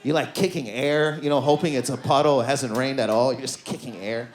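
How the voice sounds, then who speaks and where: A male stand-up comedian telling stories on stage, swinging between loud bursts and low mutters, acting out quoted lines and leaning on "you know what I mean". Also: a little fast. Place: comedy club stage with audience laughter.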